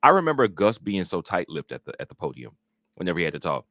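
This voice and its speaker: A man's voice: deep voice, wildly swooping pitch, fast talker, fairly bright tone, no room sound, clean studio sound. A man co-hosting a casual sports chat show, making his points with earnest emphasis. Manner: emphatic, earnest opinion-giving. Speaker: co-host.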